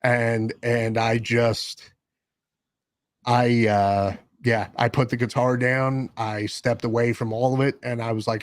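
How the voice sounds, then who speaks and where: A man's voice: mid-range voice, flat delivery, slow pace, dry recording. A man chatting as a guest in an interview, rambling with frequent restarts and self-corrections. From Maryland. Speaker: guest musician and podcast host. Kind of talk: casual interview talk.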